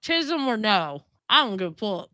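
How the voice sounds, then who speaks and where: A woman's voice: medium pitch, sing-song, normal speed, sharp tone, no echo, studio quality. A woman co-hosting a livestream in casual chat, tipsy, brash and crude, swearing a lot. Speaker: livestream co-host.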